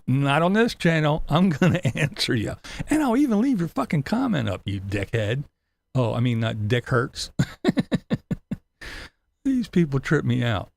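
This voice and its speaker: With a medium-pitched voice full of vocal fry, a commentary channel host rants on a livestream. His tone is sarcastic and derisive, peppered with frequent laughter and plenty of profanity.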